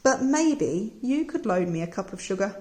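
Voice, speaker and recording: A woman's voice: medium pitch, sing-song, moderate pace, darkish tone, a little hiss or hum, lightly acted. Storybook wolf, male, sly and self-pitying, read by a woman; chatty, aggrieved narration.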